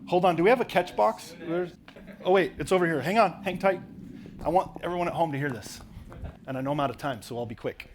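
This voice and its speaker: Man, stage speaker, business coach, animated, directive, slightly high voice, faint hiss. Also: quick pace. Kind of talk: motivational talk to a live audience. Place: conference hall with audience.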